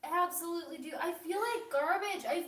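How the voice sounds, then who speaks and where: A woman hosting a livestream, chatting casually and laughing often, with a self-deprecating manner and some vocal fry. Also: very high voice, a little fast, fairly bright tone, reverberant, distant mic. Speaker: livestream host. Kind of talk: casual chat.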